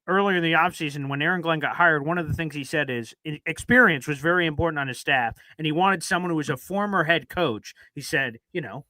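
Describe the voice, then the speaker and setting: A man's voice: a little high, pushed and bright, no echo, rough recording. A young man hosting a sports radio talk show from a radio station studio, chatting casually with self-deprecating jokes. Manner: rambling, self-deprecating, jokey.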